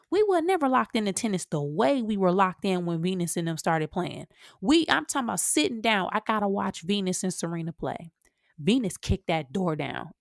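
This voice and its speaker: A woman's voice: mid-range voice, creaky, no echo. Emphatic woman host, dry close sound. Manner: animated, emphatic, talks straight to listeners. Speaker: podcast host. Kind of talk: solo podcast commentary.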